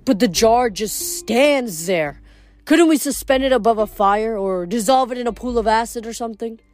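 A woman's voice: a little high, moderate pace, soft background music, voice pushed up, close to an everyday voice. A woman voicing a bossy, theatrical male giant showman who snaps and demands, in an audiobook reading. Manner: snappish, demanding, loud.

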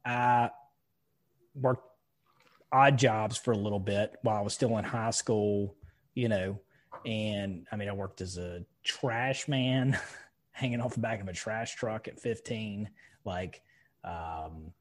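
A man's voice: lowish voice, slow pace. A middle-aged man who owns an insurance office, talking casually on a podcast and swearing freely as he tells stories. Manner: emphatic storytelling with frequent profanity. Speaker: podcast host, insurance agency owner.

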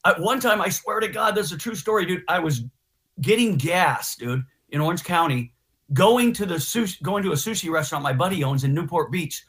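A guitarist guest telling stories in a casual interview, slangy and animated, acting out what others said. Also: male voice, high-pitched, a little fast. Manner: animated storyteller, slangy, acts out quotes. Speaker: guest musician.

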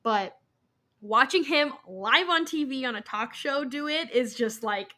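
A young woman co-hosts a chatty podcast, with a bright, clear voice that sits a little high. She tells her story with lots of energy, swears casually, and slips into quick impressions of the people she quotes. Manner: animated, swears freely, acts out quotes. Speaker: podcast co-host.

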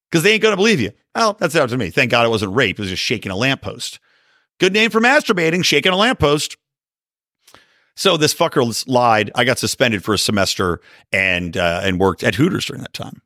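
A middle-aged man hosts his own podcast with a loose, profane, sarcastic rant. His pitch leaps around as he tells stories. The sound is dry and close, with no room echo. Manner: profane, sarcastic, animated storytelling with sudden yelling. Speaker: podcast host. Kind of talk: casual ranting monologue.

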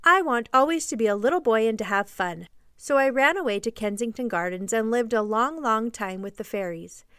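A woman's voice: fairly high pitch, expressive, moderate pace, a bit bright, clear, resonant tone, no echo, studio quality. A woman voicing an eager, boastful young boy who refuses to grow up, in a storybook reading. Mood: cocky.

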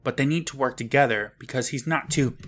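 A man's voice: medium pitch, fairly quick, a bit bright. A man co-hosting a podcast, casually recapping a TV episode and jumping into voices for the quoted lines. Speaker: podcast co-host.

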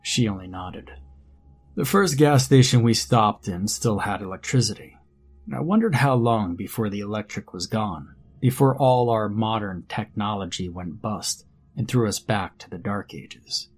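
A man narrating a first-person horror story in a measured, grim storytelling manner. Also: fairly low pitch. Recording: faint background music under narration.

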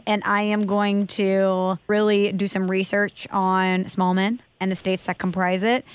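A woman co-hosting a podcast in casual chat, playful and animated, reading out listener reviews. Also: medium pitch, smooth. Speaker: podcast co-host.

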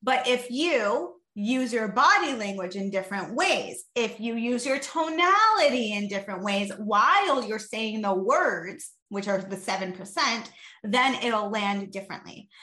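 A woman's voice: a little high, echoey room. A woman coach explaining a mindset method with energy, acting out examples as she goes. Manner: energetic, demonstrates with body and voice. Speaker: guest coach.

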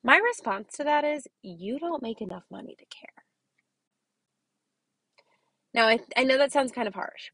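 A woman's voice: fairly high pitch, fairly bright tone, no room sound. Emphatic woman teacher hosting a podcast. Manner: emphatic, repeats "okay?" to the listener; drops to a whisper for key points. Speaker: podcast host and kindergarten teacher. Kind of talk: casual motivational podcast talk.

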